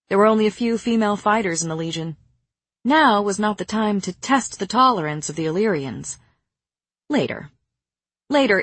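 A woman narrates a novel in first person at a measured, even pace. Her voice sits fairly low with a husky grain. The recording is close and dry. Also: dry recording. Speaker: audiobook narrator.

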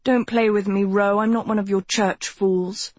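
A woman's voice: medium pitch, fairly even intonation, normal speed, darkish tone, no room sound, close to an everyday voice. A woman voicing a guarded, defiant young woman who answers in a curt, scornful way.

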